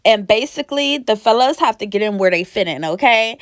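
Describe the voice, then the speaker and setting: Sassy gossiping woman with a lively voice. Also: medium pitch, fairly quick, no room sound, studio quality. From Pennsylvania. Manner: sassy, gossipy, laughs often. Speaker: reality show recap host. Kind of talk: casual chatty recap.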